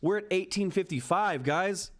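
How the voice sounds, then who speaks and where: A young man commentating live on a stock chart, excited and frantic, often repeating himself. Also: high voice, normal speed. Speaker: stock market streamer.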